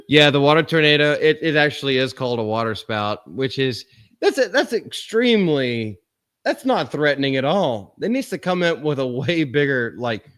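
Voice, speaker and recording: A man in his thirties hosting a casual live stream, teasing and bantering quickly. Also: medium pitch, a bit bright. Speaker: streamer host. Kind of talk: casual joking chat.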